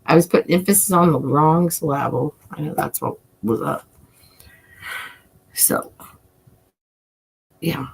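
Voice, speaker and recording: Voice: medium pitch, a little slow, gravelly, long pauses, husky. An adult livestream host and self-described coin nerd, chatting casually with viewers in a rambling way, swearing often and chuckling.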